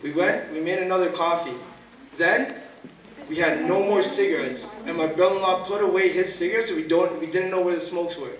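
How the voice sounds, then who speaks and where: A man's voice: high voice, a little fast. A young man telling a casual anecdote among friends, laughing often and acting out quotes with slang. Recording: echoey room, distant mic, crowd chatter.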